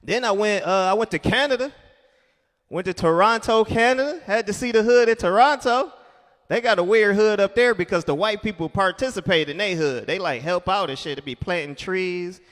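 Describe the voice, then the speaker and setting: A man with a high voice performs a stand-up comedy set, telling stories and slipping into characters. The sound carries the long reverb of a club hall. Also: normal speed. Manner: animated storytelling, acts out characters.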